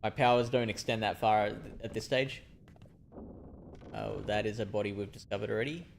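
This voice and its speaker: A man's voice: on the low side, moderate pace, vocal fry, a little hiss or hum. A man streaming a game live, chatting and thinking aloud with frequent restarts. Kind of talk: live gameplay commentary.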